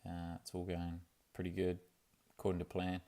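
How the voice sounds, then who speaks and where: A man's voice: low-pitched, completely flat delivery, normal speed, mellow. A young man, talking in a laid-back, rambling way for his video diary, full of fillers and restarts. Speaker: vlogger.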